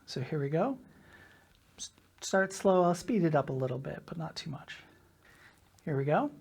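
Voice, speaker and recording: A woman's voice: low voice, lively intonation, normal speed, vocal fry, darkish tone, breathy edge. A woman teaching a drum lesson, patiently counting rhythm patterns aloud in a sing-song way. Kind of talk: instructional lesson.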